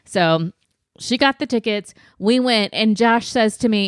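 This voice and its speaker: A woman's voice: fairly high pitch, measured pace, smooth, no room sound, clean studio sound. A woman co-hosting a podcast, teasing her co-host and telling family stories in casual chat. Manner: teasing, lively storytelling.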